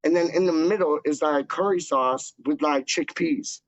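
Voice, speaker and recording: A man hosting a fan channel talks to camera at a normal speed, his pitch on the high side. He rambles loosely in slang, dropping "like" and "dog" constantly, over dull, dry lo-fi audio with no echo.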